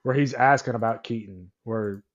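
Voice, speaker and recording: A man's voice: mid-range voice, moderate pace, muffled recording. A man co-hosting a movie podcast in easygoing casual chat, trailing off into fillers. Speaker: podcast co-host.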